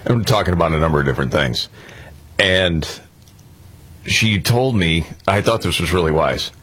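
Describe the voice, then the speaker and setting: A man's voice: low-pitched, moderate pace, slightly rough. A man hosting a radio show, chatting casually and telling stories with easy fillers. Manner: relaxed storytelling with fillers.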